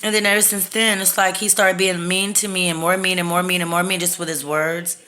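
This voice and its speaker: A Texan woman vlogs a casual storytime monologue into her phone, rambling, candid and full of profanity. Her lowish voice is brisk and sharp, with a flat delivery.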